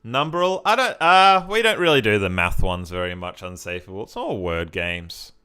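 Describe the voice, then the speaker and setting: Chatty man with a bright voice. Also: lowish voice, animated, moderate pace, clear, resonant tone. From Australia. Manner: chatty, talks to chat, often laughs. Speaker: streamer. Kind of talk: casual live-stream commentary.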